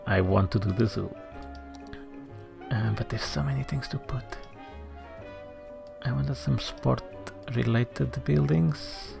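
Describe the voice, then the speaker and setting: A let's-play commentator thinking aloud while building in a game, muttering to themself and sometimes dropping to a soft near-whisper. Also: medium pitch, slow pace, gravelly, faint music behind. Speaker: gameplay commentator.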